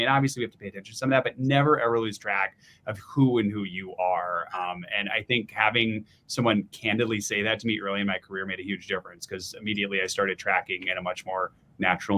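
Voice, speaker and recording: A middle-aged man, a TV news reporter, speaking on a panel in a reflective, earnest way with halting restarts. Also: fairly low pitch, a bit bright. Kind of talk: casual panel discussion.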